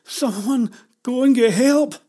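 A man's voice: unhurried, warm tone, slightly rough. A man voicing a frightened young girl. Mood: pleading. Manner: high, strained cries.

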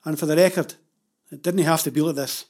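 A stern male protest leader makes his case in a firm, insistent voice, as a man narrating puts him on. His voice is husky and slightly high. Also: steady tone, brisk, a little mellow, close to an everyday voice.

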